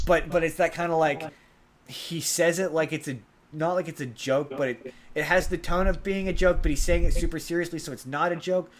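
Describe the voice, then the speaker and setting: A man's voice: a little high, fairly even intonation, brisk, a little hiss or hum, poor audio. A man co-hosting a podcast, recapping a movie in a rambling way with lots of restarts and acted-out quotes. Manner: rambling, many restarts and filler ums, acts out quotes. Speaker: podcast co-host.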